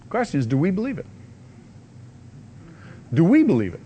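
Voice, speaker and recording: A man preaching a sermon as pastor, swinging from rising, loud repeated cries to a hushed, soft pleading voice. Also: high-pitched, wildly swooping pitch, moderate pace, a little hiss or hum.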